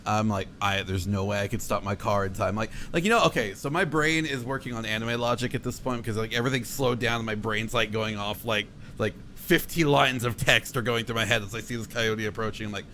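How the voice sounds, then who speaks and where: A young man telling a road-trip story on a podcast, swearing a lot and acting out his own shouts. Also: medium pitch, brisk, hardly any pauses, a little hiss or hum. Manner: profane, animated, acts out his own shouts. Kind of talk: casual storytelling chat.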